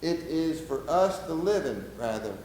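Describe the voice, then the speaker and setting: A man portrays a solemn, middle-aged nineteenth-century American president who speaks in a measured, oratorical way. His voice sits a little high and moves at an unhurried pace. The recording is roomy, with a faint ambience behind him. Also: expressive, a little mellow, slight background noise. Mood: solemn oration. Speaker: historical reenactor. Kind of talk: first-person historical portrayal.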